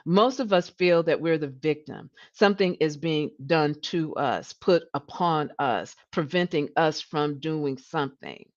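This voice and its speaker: A woman hosting a coaching livestream. She talks in an animated way, often restarts and repeats words, and her voice rises when she gets passionate. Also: sits low, a little slow, few pauses, lo-fi sound. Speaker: leadership coach and livestream host. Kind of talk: coaching talk.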